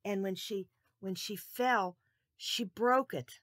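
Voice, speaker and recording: A woman telling a Bible story to children, expressive and asking her listeners questions. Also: mid-range voice, takes it slowly, no room sound, clean studio sound.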